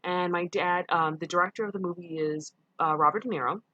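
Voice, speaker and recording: A woman's voice: lowish voice, fairly even intonation, a little fast, sharp tone, no room sound, dull audio. A middle-aged woman, giving a casual lecture and often correcting herself with ums. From New York. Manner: conversational, with frequent ums and self-corrections. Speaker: teacher. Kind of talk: recorded online lecture.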